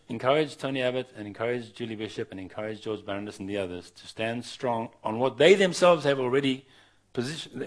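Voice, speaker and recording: A man preaching earnestly to an evening gathering as a visiting speaker, urging his listeners and often restarting his sentences. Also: mid-range voice. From not from Australia.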